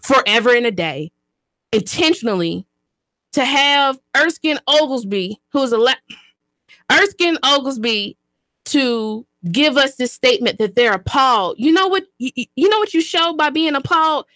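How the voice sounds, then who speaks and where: A woman's voice: high voice, expressive, moderate pace, fairly bright tone, no echo. A woman hosting a radio talk show, speaking as an activist in an impassioned, emphatic way, often repeating her phrases like a preacher. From Chattanooga, Tennessee, US. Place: radio studio.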